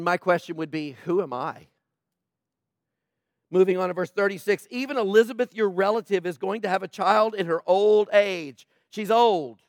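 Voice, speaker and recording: A man's voice: high-pitched, dry recording, studio quality. A man preaching a sermon in a conversational way, joking with people in the congregation. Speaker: pastor.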